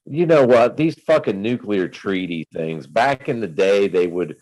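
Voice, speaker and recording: A man's voice: fairly low pitch, expressive, unhurried, darkish tone, dry recording, poor audio. A man chatting casually, making wry, offhand remarks. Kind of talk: casual chat.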